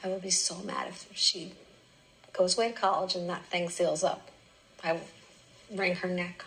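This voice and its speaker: Creaky-voiced emphatic mother. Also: lowish voice, level tone, moderate pace, a bit bright, rough recording. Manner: emphatic, blunt, consoling. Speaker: mother on a reality show. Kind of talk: reality TV talk.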